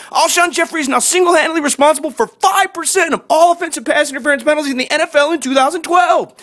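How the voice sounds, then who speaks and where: A man with a strikingly high, bright, sharp voice tears through a scripted comedy rant about his sports team. He rattles along at a quick clip and stays profane, sarcastic and exasperated the whole way. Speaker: sports fan ranter.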